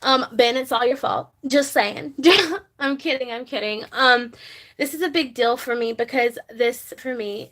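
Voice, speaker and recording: Bright high-voiced woman vlogging her planner. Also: unhurried, rough recording. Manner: chatty, warm toward viewers, talks while writing. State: nervous, anxious. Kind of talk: casual planner vlog, writing on camera.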